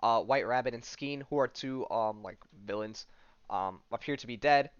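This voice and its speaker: A man's voice: mid-range voice, normal speed, clear, resonant tone, no echo, lo-fi sound. A man hosting a podcast, recapping a comic in a loose, rambling way with lots of "like" and "um". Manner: rambling, full of "like" and "um", paraphrases dialogue loosely. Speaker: podcast host. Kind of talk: casual comic-book recap.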